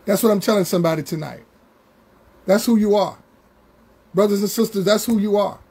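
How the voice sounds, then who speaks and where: Husky high-voiced preacher man. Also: darkish tone. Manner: preaching with slow, drawn-out emphasis and call-outs to congregation members. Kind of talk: Bible study sermon.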